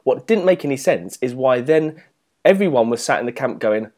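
Brief: male podcast co-host, mid-pitched, dry teasing banter. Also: animated, normal speed, a little mellow. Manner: teasing, dry, laughs often. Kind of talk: casual chat.

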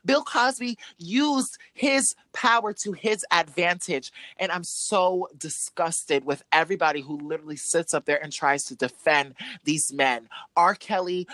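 A woman's voice: lowish voice, a little slow, few pauses, a bit bright, no room sound. A woman in a heated, profane casual chat, ranting angrily as a co-host.

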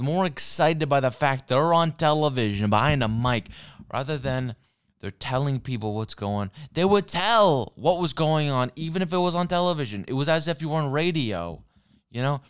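A man's voice: fairly high pitch, lively intonation, moderate pace, clean tone. Swearing, rambling man on a sports rant. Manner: rambling, heavy swearing, frequent restarts; sipping whiskey while talking. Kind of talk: profane sports rant monologue.

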